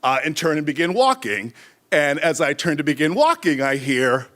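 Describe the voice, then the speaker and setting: Lively animated man telling a story. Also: fairly high pitch, normal speed. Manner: animated, acts out shouted quotes. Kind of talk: live storytelling on stage.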